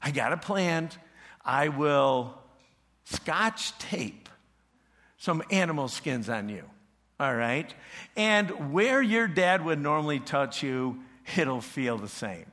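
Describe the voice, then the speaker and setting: A plotting mother, as a preacher puts her on, laying out a plan matter-of-factly. The voice is slow and bright, barely changed. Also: a little high, animated, in a large hall. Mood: scheming. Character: scheming mother, brisk and conspiratorial.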